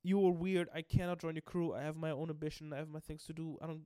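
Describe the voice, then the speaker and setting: A man's voice: fairly high pitch, steady tone, fast, warm tone, clear, resonant tone, no echo, studio quality, close to an everyday voice. A man voicing a rude, blunt young swordsman who swears and brushes people off. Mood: refusing. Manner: crude, swearing, brusque.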